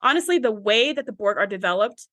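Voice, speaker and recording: A woman's voice: mid-range voice, animated, fast talker, fairly bright tone, no room sound. A woman co-hosting a podcast, talking through a TV episode in an earnest, thoughtful and enthusiastic way. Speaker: podcast co-host. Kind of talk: casual chat about a TV episode.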